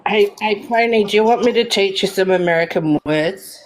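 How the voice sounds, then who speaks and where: A woman's voice: mid-range voice, moderate pace, a little hiss or hum, rough recording. A woman guesting on a live stream, giggly and hesitant, gasping and hedging in casual chat. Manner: giggly, gasps and hedges.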